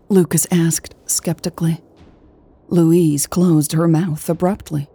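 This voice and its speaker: A woman reading an audiobook as its narrator, in a measured, even way. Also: low voice, slightly rough.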